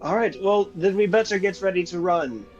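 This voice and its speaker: A man voicing a practical adventurer who tries to calm others and take charge. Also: high-pitched, moderate pace, dull audio, soft background music, voice pushed up, lightly acted. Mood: urgent. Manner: steady, trying to calm others.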